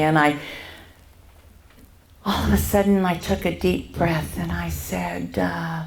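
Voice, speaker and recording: An older woman sharing her personal faith testimony at a church event, halting, with many pauses and fillers. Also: fairly low pitch, fairly even intonation, reverberant.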